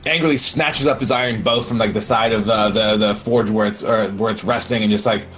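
A man's voice: on the low side, fairly even intonation, brisk, a bit bright, soft background music. Rambling man narrating his game turn. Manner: rambling, full of "like" and restarts. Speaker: player. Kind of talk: casual narration of a tabletop game.

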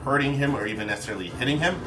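A man's voice: mid-range voice, racing, a bit bright, poor audio. A man playing a tabletop game, loosely describing his character's actions. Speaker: player. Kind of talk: casual tabletop play.

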